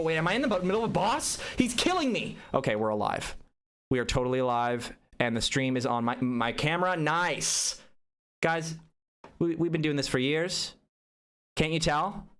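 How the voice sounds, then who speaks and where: A man chatting casually on a live gaming stream, animated, rambling and self-deprecating. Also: medium pitch.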